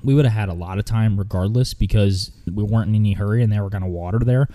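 A man's voice: fairly low pitch, fast talker, mellow. A man recounting a hunting trip in casual, rambling storytelling with lots of fillers and restarts.

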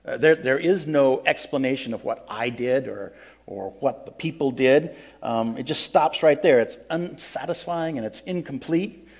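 A man's voice: medium pitch, natural voice. An actor playing a grumpy biblical prophet who complains a lot, telling his own story in first person in an interview, plain-spoken and earnest. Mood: reflective. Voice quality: earnest, plain-spoken, breaks into pleading outbursts. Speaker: interviewee in character.

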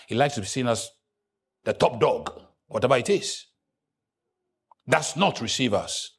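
A man preaching a sermon as pastor, moving between hushed asides and loud, high-pitched outbursts. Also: lively intonation, measured pace, gravelly, pauses often, husky.

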